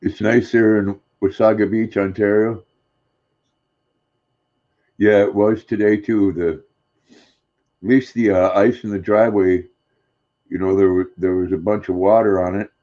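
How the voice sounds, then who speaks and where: An older man with a low, mellow voice greets his live viewers in a cheerful, casual chat. He coos gently at his dog between greetings. The audio is slightly dull and lo-fi. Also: flat delivery, a little slow, long pauses.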